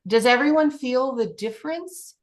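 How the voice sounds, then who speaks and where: Energetic woman coaching with vivid enthusiasm. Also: sits high, moderate pace. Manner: animated, acts out scenes with vivid excitement. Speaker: life coach. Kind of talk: coaching session with a client.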